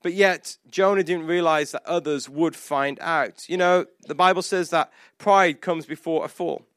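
Lively high-voiced male preacher. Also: unhurried, dry recording, clean studio sound. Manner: animated storytelling, acts out quotes, frequent "like". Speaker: pastor. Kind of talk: sermon.

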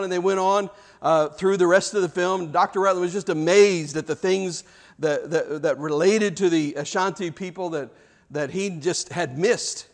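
A man with a high-pitched voice preaches a sermon in storytelling mode. He drops into quiet, low stretches, then climbs into loud, shouted peaks. He repeats and restarts words as he talks. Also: big-room sound.

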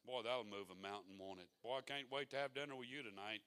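A man's voice: mid-range voice, quick pace, hardly any pauses, pushed and bright, clean tone. A man preaching a sermon in a folksy, conversational way that rises to fervent exhortation.

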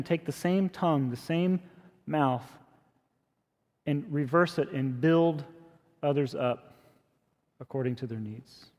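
A man with a slightly high voice delivers a sermon in a plain, conversational manner. His words ring out through the long reverb of a big hall. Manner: conversational preaching, rises in pitch and force when emphatic. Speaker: pastor.

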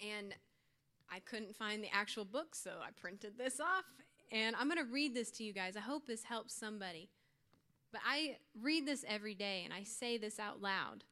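A woman's voice: medium pitch, animated, normal speed, bright, forceful tone. A young woman giving an earnest, informal youth sermon to her church group, with light laughs. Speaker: youth speaker.

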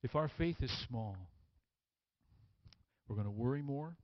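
A man preaching a sermon, moving from quiet, hushed storytelling to loud, emphatic lines, and acting out the quoted voices with dramatic emphasis. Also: medium pitch, lively intonation, unhurried, no room sound, muffled recording. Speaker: pastor.

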